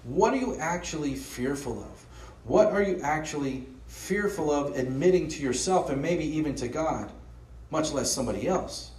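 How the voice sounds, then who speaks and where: A man's voice: on the high side, lively intonation, normal speed, a little mellow. A pastor giving an earnest, conversational sermon, often posing rhetorical questions to his listeners. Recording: roomy echo, voice from a distance.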